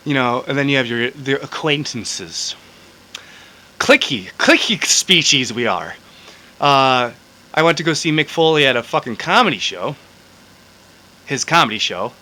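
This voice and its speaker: A man tells a story straight to his camera in a loose, rambling way, swearing and drifting into side remarks. His voice is bright and a little tense, sitting at an ordinary middle pitch. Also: moderate pace, rough recording. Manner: rambling, swears freely, trails off into asides. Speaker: vlogger telling a story.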